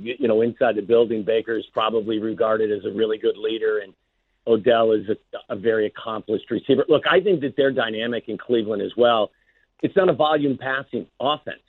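A man's voice: medium pitch, dry recording. A man, a former wide receiver, talking football as a guest on sports radio in a plainspoken, earnest way. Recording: dry phone line.

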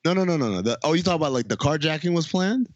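A man's voice: fairly high pitch, very fast, muffled recording, background noise. A man hosting a casual podcast chat, retelling a TV episode with jokes and laughter. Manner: animated, laughing, jokey storytelling. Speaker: podcast host.

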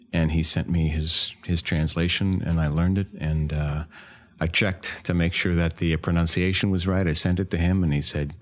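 A man talking as a guest on a podcast, hesitant with many fillers and restarts. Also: low-pitched. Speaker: guest actor. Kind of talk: casual podcast chat.

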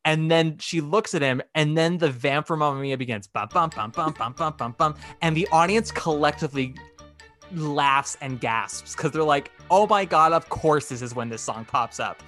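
A man co-hosting a casual podcast, telling a story with lively acted-out quotes. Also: on the high side, normal speed, soft background music. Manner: animated storytelling, acting out quotes. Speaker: podcast co-host.

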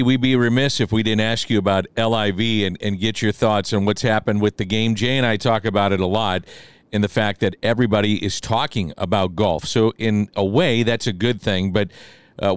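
A man co-hosting a golf podcast, asking long, measured questions. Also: fairly low pitch, fairly even intonation, smooth, no echo. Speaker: podcast co-host. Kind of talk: interview questions.

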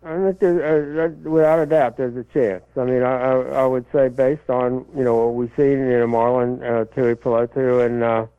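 A man casually answering listener questions about college football, rambling and halting with many fillers and restarts. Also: medium pitch, fairly even intonation, clear, resonant tone, no room sound. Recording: tinny phone line, dry.

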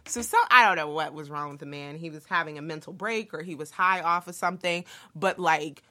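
A young woman telling a story in casual chat, animated and swearing freely as she acts out what people said. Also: sits low, brisk.

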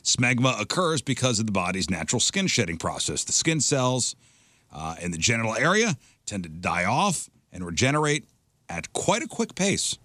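A man's voice: medium pitch, sing-song, normal speed, bright, forceful tone, dry recording. A man hosting a radio show, reading a segment aloud with laughing asides in casual banter.

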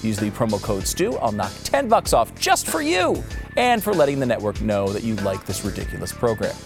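A man's voice: fairly low pitch, sing-song, fairly quick, vocal fry, music in the background. A man hosting a comedy podcast, delivering a sarcastic monologue with theatrical swings in his voice. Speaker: podcast host.

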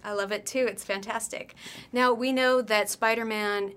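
A woman's voice: a little high, fairly even intonation, moderate pace, fairly bright tone, smooth. A woman hosting an entertainment press interview, enthusiastic and bubbly. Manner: enthusiastic and bubbly, laughs often. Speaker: host.

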